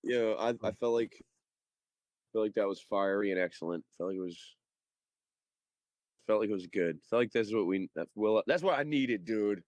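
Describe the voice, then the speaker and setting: A man chatting as a guest on a podcast, excitable and sweary, calling people dude and bro. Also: lowish voice, normal speed, long pauses, no room sound. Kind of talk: casual chat.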